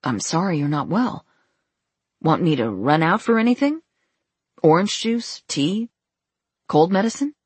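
A woman reading the part of a kind, concerned man who speaks gently and earnestly. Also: lowish voice, very animated, measured pace, long pauses, husky, dry recording, heavily acted.

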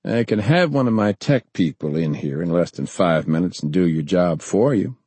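A man's voice: low voice, animated, normal speed, darkish tone, husky, dry recording. A man reading aloud, voicing a defiant army general who gives blunt, curt commands.

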